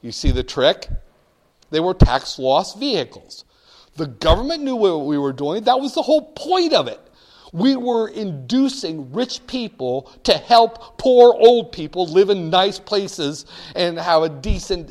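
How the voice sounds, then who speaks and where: A man's voice: fairly high pitch, unhurried. Older man, emphatic wry storyteller. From northern United States. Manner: animated, emphatic, wry storytelling with audience call-and-response. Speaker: speaker addressing an audience. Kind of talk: storytelling talk.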